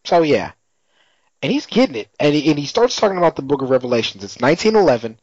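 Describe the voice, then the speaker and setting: A man's voice: fairly high pitch, sing-song, quick pace, dry recording. A man in casual chat, retelling a TV episode in a laid-back, slangy way with frequent laughs. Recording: dry, slightly muffled lo-fi audio.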